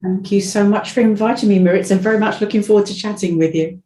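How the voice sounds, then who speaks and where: A woman's voice: medium pitch, fairly even intonation, quick pace, dark tone, reverberant. A woman with an Essex English accent, a voiceover artist chatting as a podcast guest, talkative and prone to restarting her sentences. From Essex, England. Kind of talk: casual interview chat.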